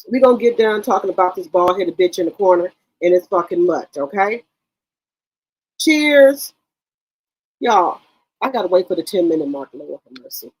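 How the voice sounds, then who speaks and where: A woman's voice: lowish voice, a little mellow, slightly rough, poor audio. A woman hosting a casual livestream, chatting brashly with her viewers and swearing freely. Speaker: livestream commentary host.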